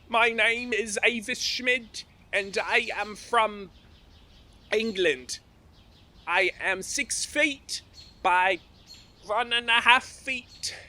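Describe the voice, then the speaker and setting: Earnest, halting male painter, bright tone, slow delivery. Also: sits high, heavily acted. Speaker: comedy sketch actor.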